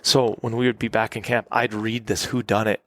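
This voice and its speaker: A man telling hunting stories in a relaxed, animated podcast conversation, acting out the people in his tales. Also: on the low side, fairly quick. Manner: animated, acts out quotes. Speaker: guest hunter. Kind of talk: casual storytelling. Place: cabin.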